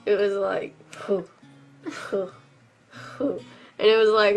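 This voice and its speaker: A woman's voice: medium pitch, level tone, very slow, soft background music. A young woman telling rambling, giggly stories in a casual vlog, filmed on her phone at home. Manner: rambling, giggly storytelling with filler words. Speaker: vlogger. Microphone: phone camera.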